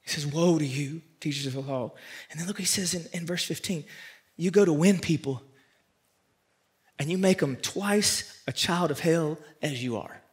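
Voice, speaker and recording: A man pastor preaching a sermon, swinging from loud emphatic peaks down to quiet asides to the congregation. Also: moderate pace. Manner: preaches with sharp rises to loud emphatic peaks, then drops low and quiet.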